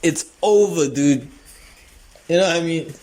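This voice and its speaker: A man's voice: on the high side, a little slow, a little mellow. A man hosting a comedy podcast, telling a rambling, profane story and laughing often. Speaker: podcast host.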